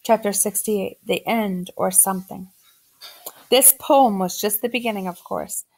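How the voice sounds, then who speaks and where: An audiobook narrator reads a children's novel aloud, telling the story at a steady pace. Her medium-pitched voice has a noticeably gravelly texture, and she speaks a little slowly.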